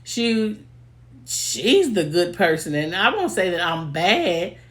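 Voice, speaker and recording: A woman's voice: lowish voice, very animated, slow, fairly bright tone. A young woman, telling heartfelt, emotional stories about a late friend in a casual video, often laughing as she talks. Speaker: vlogger paying tribute to a late friend.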